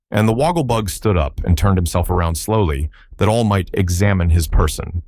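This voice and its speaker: A man with a low-sitting voice narrates an audiobook in a steady, measured, scripted reading. The sound is clean studio audio with no echo.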